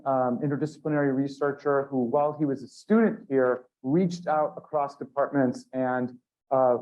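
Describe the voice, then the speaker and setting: A man hosts a conference session, introducing the panelists in a rambling, halting way with plenty of fillers. The recording is a little dull and muffled, as if captured in a lecture hall. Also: medium pitch.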